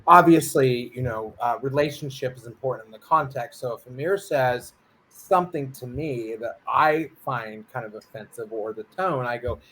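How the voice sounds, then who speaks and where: A man's voice: medium pitch, normal speed, fairly bright tone, a little hiss or hum. Man, co-host, rambles and acts out quotes in casual talk. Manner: rambling, storytelling with acted quotes. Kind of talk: casual chat.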